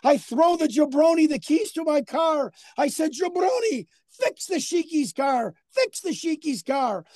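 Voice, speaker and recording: A man doing a distraught wrestler yelling in broken English. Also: very high-pitched, sing-song, a little slow, no echo, studio quality, voice pushed up, heavily acted. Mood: distraught, indignant. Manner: broken English, bursts into shouts. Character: distraught, excitable older male wrestler speaking broken English.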